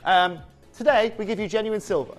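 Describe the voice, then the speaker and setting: A man presenting a live shopping channel show, selling jewellery with energetic, pushy salesman patter. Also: sits high, a little fast, faint music behind.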